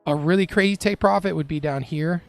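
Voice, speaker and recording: A man's voice: a little high, brisk, creaky, dry recording, faint music behind. A young man who trades live on a stream, chatting casually with his chat and laughing often.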